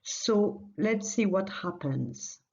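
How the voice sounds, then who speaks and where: Slow, patient woman teaching a lesson. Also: medium pitch, lively intonation, vocal fry, a little mellow, lo-fi sound. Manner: patient, repeats phrases slowly for learners. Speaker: language teacher. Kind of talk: recorded language lesson.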